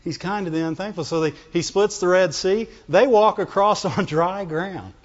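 A man preaching a sermon, animated and playful, acting out whining voices and laughing often. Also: sits high, normal speed. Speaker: pastor. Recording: dull sound with long hall reverb.

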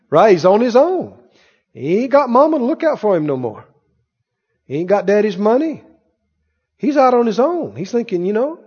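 A man with a strikingly high, lively voice preaches a sermon, lobbing constant questions at his listeners. The sound is muffled and lo-fi. His words ring out with a long reverb through a church sanctuary. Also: normal speed, breathy edge. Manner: animated, quizzing the congregation with questions. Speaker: pastor.

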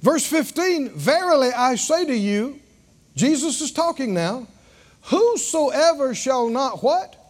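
A man preaching a sermon, drawing answers from his congregation and rising to shouts. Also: very high-pitched, expressive, measured pace.

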